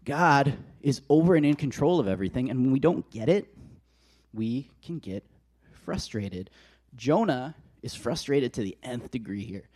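Casual, animated male preacher. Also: medium pitch, normal speed. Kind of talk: conversational sermon.

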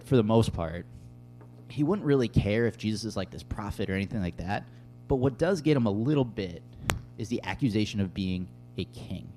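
Male pastor, easygoing sermon delivery, low and dark tone. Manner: conversational, casual, with many fillers. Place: room with tables and an audience.

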